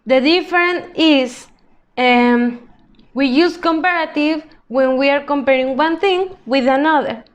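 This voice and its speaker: Slow, high-voiced woman teaching a class. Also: dull audio. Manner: slow and patient, drawing out example words. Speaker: English teacher. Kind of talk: recorded grammar lesson for children.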